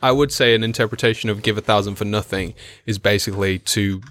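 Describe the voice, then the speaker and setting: A man's voice: lowish voice, fast talker, dry recording. A man acting as dungeon master, chatting casually on a podcast as he explains game lore, loose and swearing now and then. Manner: relaxed, swears casually, trails off with "like".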